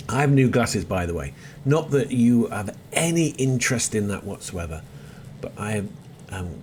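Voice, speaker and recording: A middle-aged man giving chatty, self-deprecating gameplay commentary, often muttering to himself as he plays. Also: medium pitch. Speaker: let's play host. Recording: noisy background with seagulls.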